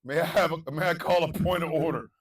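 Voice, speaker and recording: A man hosting a morning talk show, animated, chanting hype calls and ranting, swinging between shouts and low asides. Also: fast talker, recorded from a distance, low-quality recording. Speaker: radio show host.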